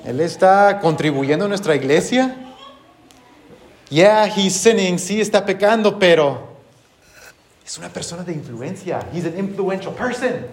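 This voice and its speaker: A mocking, higher-pitched voice of male churchgoers brushing off a powerful sinner, put on by a man preaching a sermon. It sounds breezy and dismissive, switching between English and Spanish.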